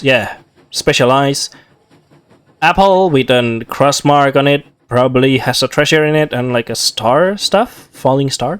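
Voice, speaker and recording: A man's voice: medium pitch, fairly bright tone, clear, resonant tone. A young man reading a story game aloud in a casual let's play, with chatty, self-mocking asides. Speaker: gamer reading a visual novel aloud.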